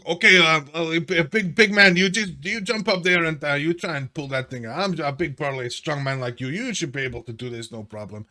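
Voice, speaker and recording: A man voicing a boastful, show-off male hobgoblin who talks in a loud, puffed-up way. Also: fairly high pitch, fairly quick, hardly any pauses, voice pushed up. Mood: bossy.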